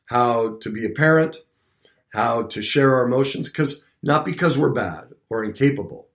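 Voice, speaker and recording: A man in his fifties hosting a coaching talk show, speaking conversationally and acting out little dialogues with a lifted voice. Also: medium pitch. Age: 50s. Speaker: radio show host and coach. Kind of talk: motivational talk. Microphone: streamed talk show mic, also seen on video.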